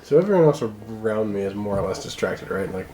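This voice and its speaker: Hesitant man player, mellow voice. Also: fairly low pitch, expressive, brisk, roomy sound, soft background music. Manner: hesitant, many fillers and restarts. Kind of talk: casual tabletop game play.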